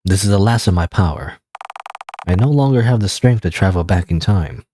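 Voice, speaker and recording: A man reading a gentle guardian spirit. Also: low-pitched, lively intonation, normal speed, slight background noise. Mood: tender. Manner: reads game dialogue aloud plainly.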